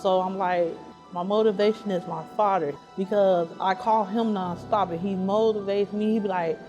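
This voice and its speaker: Soft music plays as a woman from Chicago, a mother looking for housing, gives an emotional, earnest documentary interview and frequently repeats herself. She talks at normal speed in a medium-pitched, dark voice with a steady tone.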